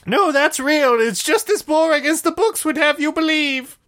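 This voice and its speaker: A man's voice: very high voice, normal speed, pushed and bright. A man voicing a crude, cocky eleven-year-old boy wizard in an improvised comedy bit.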